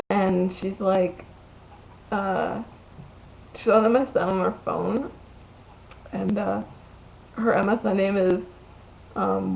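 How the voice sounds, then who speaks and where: A woman's voice: medium pitch, vocal fry, darkish tone, slight background noise, poor audio. A young woman telling a story in a casual vlog, ranting and chatty, full of "like" and "um". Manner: chatty, ranting, many likes and ums.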